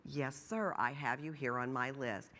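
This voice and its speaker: A woman voicing a genial male saint who judges souls at heaven's gate, in jovial storytelling with drawn-out emphasis. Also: a bass voice, fairly bright tone, voice pushed down. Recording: long hall reverb.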